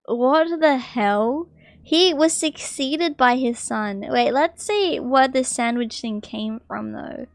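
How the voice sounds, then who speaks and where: A woman streamer reading an article aloud, breaking off to chat and react with loud, excitable outbursts. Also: high voice, takes it slowly, no room sound, studio quality. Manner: excitable, bursts into loud apologies and exclamations.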